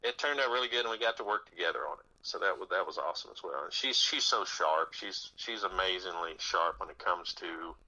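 A man guesting on a radio show, talking easily about his music in a low voice with a very bright, forceful edge. He stumbles and repeats words and laughs readily. The sound has a radio broadcast quality. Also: lively intonation, fairly quick, few pauses, rough recording. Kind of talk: radio interview chat.

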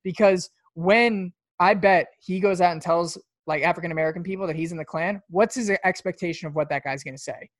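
A man's voice: high-pitched, brisk, hardly any pauses, no echo, studio quality. A man co-hosting a podcast, telling stories in a loose, profane way with many fillers. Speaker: podcast co-host. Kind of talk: casual podcast chat.

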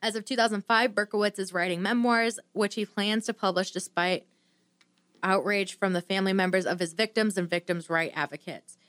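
A woman's voice: medium pitch, steady tone, fairly quick, a bit bright, dry recording. A woman co-hosting a podcast, reading her true-crime notes in a casual way with restarts and sassy asides. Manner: reads notes with restarts, mimics others with sassy voices. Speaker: podcast co-host.

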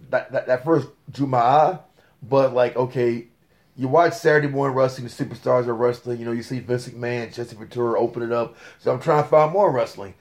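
A man in his thirties with a gravelly, rough edge to his voice. He tells long stories in a casual podcast interview, growing excitable and speeding up as he goes, with plenty of "you know" and restarts. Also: medium pitch. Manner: excitable storyteller, lots of fillers. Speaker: interview guest.

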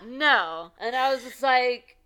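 A young woman co-hosting a casual podcast, telling a story with lively energy. She acts out what people said and laughs as she goes. Her voice is bright and smooth, a little higher than most. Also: slow pace. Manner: animated, laughing, acts out quotes. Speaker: podcast co-host.

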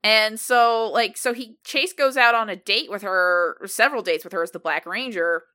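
A woman's voice: medium pitch, moderate pace, pushed and bright. A woman in casual podcast chat, talking in a rambling way with hesitant restarts.

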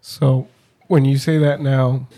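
A man with a mellow, dark voice and a mid-range pitch talks casually. He argues heatedly, swears freely and talks over the other speaker. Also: flat delivery, slow. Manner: heated, profane and argumentative. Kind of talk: casual chat.

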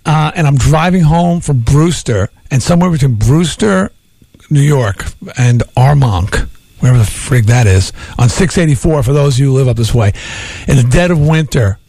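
A man hosting a radio show, telling a long rambling story in a lively, jokey way. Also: medium pitch, normal speed, creaky, no room sound. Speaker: radio host. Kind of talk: casual storytelling on morning radio. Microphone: studio microphone.

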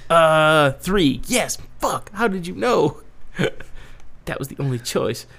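Animated swearing man in casual banter. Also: a little high, slow, vocal fry. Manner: animated, swearing, mocking quoted voices. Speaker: podcast co-host.

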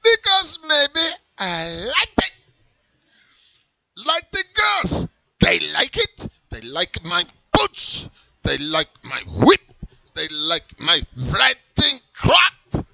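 A man voicing a strict, shouty German leather and whip seller with an eye patch, in a put-on German accent and a theatrical, menacing manner. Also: very high voice, wildly swooping pitch, very slow, gravelly, dry recording, dull audio, pitched above the performer's own voice, heavily acted. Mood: barking, strict. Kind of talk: comedy sketch character.

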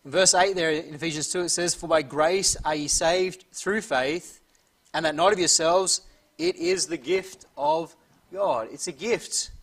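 A man preaching a sermon who reads scripture slowly and emphatically and often clears his throat. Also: on the high side, fairly bright tone. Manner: slow, emphatic reading of scripture.

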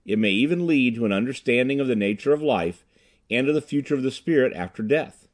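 A man reading an audiobook, voicing a brisk, self-assured inventor who talks with crisp urgency. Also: mid-range voice, expressive, lightly acted. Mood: earnest. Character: brisk, commanding older male inventor.

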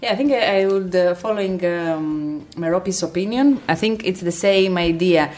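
A woman's voice: lowish voice, moderate pace, darkish tone, faint music behind. A woman guest, a psychologist, chatting casually and searching for words. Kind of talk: casual chat.

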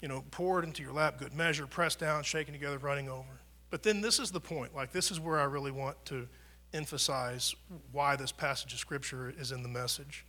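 A male pastor preaching a sermon in a church, conversational, swelling louder and dropping soft for emphasis. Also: medium pitch, brisk. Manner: conversational preaching, rises and drops in volume for emphasis.

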